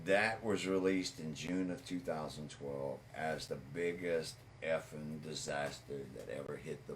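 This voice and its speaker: A man's voice: low-pitched, slight background noise. A man co-hosting a podcast, giving a blunt, opinionated movie pick in casual chat. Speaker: podcast co-host.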